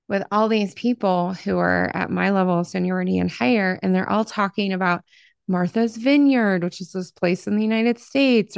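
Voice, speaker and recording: A middle-aged woman from Appalachian Ohio hosts a podcast interview, warm in her words and quick to gush. Her voice sits mid-pitch with a gravelly fry. The recording is close and dry. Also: no room sound. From Southern Ohio, Appalachia. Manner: effusive and expressive. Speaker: podcast host. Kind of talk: conversational interview.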